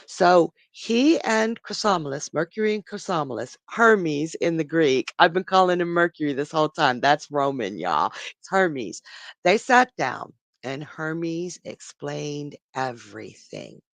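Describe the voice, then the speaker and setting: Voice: medium pitch, expressive, a little slow, gravelly, a bit bright, dry recording. A psychic telling an ancient myth on a casual live stream, chatty and laughing at their own jokes. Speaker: psychic storyteller.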